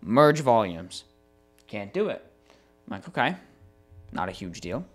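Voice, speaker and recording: A young adult man co-hosting a podcast, telling a long frustrating story in a casual, animated way with plenty of swearing. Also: lowish voice, unhurried, faint music behind. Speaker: podcast co-host.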